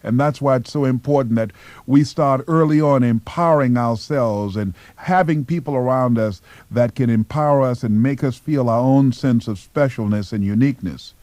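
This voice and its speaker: A man from Miami, Florida, giving a motivational speech through personal stories, with slow, emphatic phrasing. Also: medium pitch, a little mellow, no room sound. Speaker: motivational speaker.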